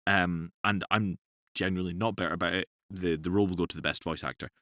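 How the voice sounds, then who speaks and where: Male podcast co-host, low voice, animated and jokey, dry close sound. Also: fast talker, dry recording. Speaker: co-host and voice actor. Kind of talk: casual podcast chat.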